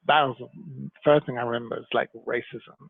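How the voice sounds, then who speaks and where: A Jamaican-born man telling stories from his life as an interview guest, in an animated way. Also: medium pitch, brisk, creaky, no echo. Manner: animated storyteller, slips into mimicked voices. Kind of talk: conversational interview storytelling. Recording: tinny phone-like line, dry.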